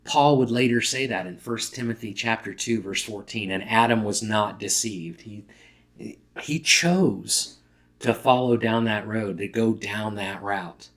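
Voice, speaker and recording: Male pastor, lowish voice, conversational sermon delivery, self-corrects mid-word. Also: unhurried, a bit bright.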